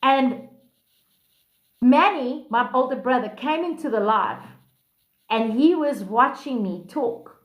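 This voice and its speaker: A woman's voice: high-pitched, lively intonation, slow pace, pauses often, echoey room. A woman hosting a live stream on her phone, chatting casually with viewers, blunt and profane, laughing often and calling commenters by name. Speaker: livestream host.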